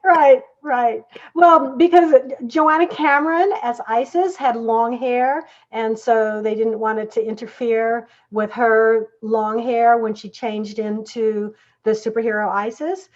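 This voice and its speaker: A woman's voice: a little high, steady tone, slow pace, few pauses. A woman guest on an interview podcast, recalling her days acting on TV in an easygoing, reminiscing way. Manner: easygoing, reminiscing, affirming often. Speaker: guest, former TV actress and dancer. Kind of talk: casual interview conversation. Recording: dull lo-fi audio.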